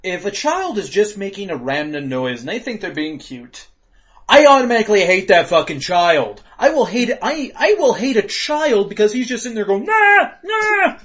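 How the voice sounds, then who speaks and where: A man co-hosting a podcast in loose, profane chat. He keeps breaking into laughter and loud acted-out rants, and his fairly high voice swings widely in pitch. The recording is dull and lo-fi. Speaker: podcast co-host.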